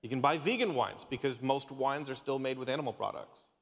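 Joking Canadian pastor in an echoing hall. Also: male voice, mid-range voice, a little fast. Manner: casual, joking, lots of restarts. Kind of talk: sermon. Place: church sanctuary.

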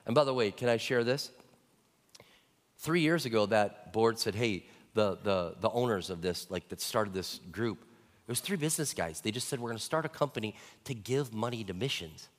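Male pastor preaching; low voice, lively storyteller, echoing sanctuary. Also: fairly quick. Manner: animated storytelling, rising to excited peaks. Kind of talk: sermon. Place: church sanctuary. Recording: church hall reverb.

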